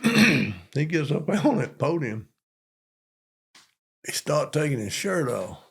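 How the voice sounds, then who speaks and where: A man's voice: a little high, takes it slowly, vocal fry, breathy edge. An older man with a Southern accent, a police chief from Georgia, telling army stories in a folksy, repetitive way during an interview. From Monroe, Georgia. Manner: folksy, repetitive, animated retelling. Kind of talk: storytelling in an interview.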